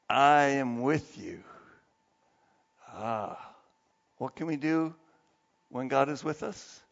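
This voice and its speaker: A male pastor preaching a sermon in a lively, conversational way, acting out the quoted voices as he goes. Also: a little high, creaky, in a large hall, dull audio. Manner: animated, acts out quoted voices.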